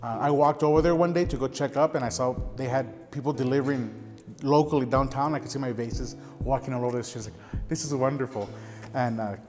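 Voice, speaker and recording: A man's voice: mid-range voice, a little fast, darkish tone, soft background music. Man speaking earnestly in echoey room. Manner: earnest, storytelling with gestures. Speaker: ceramics teacher. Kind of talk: documentary interview.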